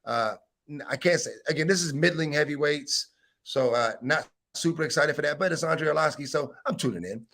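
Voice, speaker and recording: A young adult man co-hosting a casual fight-talk podcast, bantering quickly with some swearing. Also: fairly high pitch, fairly bright tone. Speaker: podcast co-host. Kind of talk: casual sports chat.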